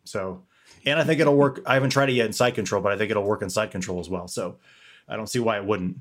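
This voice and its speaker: A man's voice: fairly low pitch, fairly even intonation, fast, a bit bright. A young man co-hosting a podcast, talking candidly in a rambling way and swearing casually. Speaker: podcast co-host.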